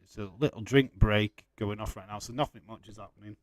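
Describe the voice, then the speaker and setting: A man with a lowish voice speaks fairly quickly on a dry recording while hosting a casual live watch-along. Reading viewer chat, he teases his audience, calls out match updates, and swears freely.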